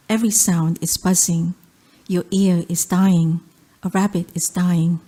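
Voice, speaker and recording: A woman from South Korea with a Korean accent, reading her poetry aloud in a measured, rhythmic recitation. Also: fairly low pitch, dark tone. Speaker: poet.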